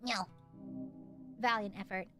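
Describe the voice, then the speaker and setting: A woman voicing a gruff, cold male kobold who talks in short, broken deadpan phrases. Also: medium pitch, slow pace, over music, pitched below the performer's own voice, lightly acted. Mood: curt. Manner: clipped broken speech, deadpan.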